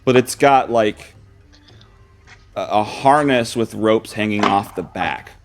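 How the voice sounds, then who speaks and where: A man's voice: on the low side, takes it slowly, soft background music. Laid-back man running a tabletop game. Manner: laid-back, chuckling, rambling descriptions. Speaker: dungeon master. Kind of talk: running a tabletop game over video call. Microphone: video call.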